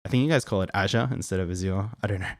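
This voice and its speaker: A man's voice: fairly low pitch, animated, rapid-fire, mellow, no echo. Friendly Australian man, dry close sound. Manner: friendly, rambling, many ums and restarts. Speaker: livestream host answering viewer questions. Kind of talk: casual live Q&A chat.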